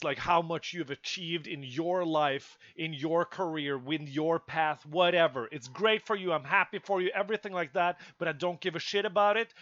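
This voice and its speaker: A young man streaming, ranting to his chat in an exasperated, profane way with sudden loud outbursts. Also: fairly high pitch, no echo, lo-fi sound.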